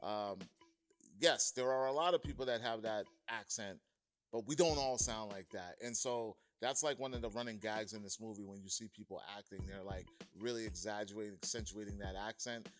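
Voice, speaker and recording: A man's voice: fairly low pitch, a little fast, soft background music. A man from Massachusetts reviewing a film in a loose, chatty way, full of fillers and restarts and plainly enthusiastic. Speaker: movie reviewer. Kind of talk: casual video review.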